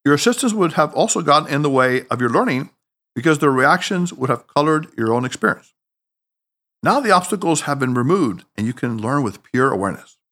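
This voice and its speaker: A male audiobook narrator telling a story with dramatic expression. His voice sits a little high for a man and swings widely in pitch as he reads. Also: lively intonation, brisk, a bit bright.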